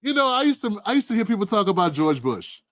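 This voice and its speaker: A man's voice: sits high, very animated, fast, a bit bright. A man hosting his own show, talking straight to his viewers in casual, slangy, emphatic political commentary. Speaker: show host.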